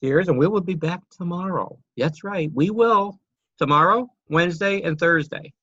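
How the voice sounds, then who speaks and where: A man's voice: sits high, moderate pace, pushed and bright, slightly rough, dry recording. Easygoing man on dull, dry audio. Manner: easygoing, agreeable, with fillers. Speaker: co-host. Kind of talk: casual motivational chat.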